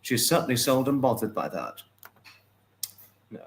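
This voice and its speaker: A man hosts a casual livestream and reads out viewer comments. He greets each person by name and thanks them at length. His voice sits at an ordinary middle pitch. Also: big pitch swings, moderate pace, a little hiss or hum. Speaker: livestream host.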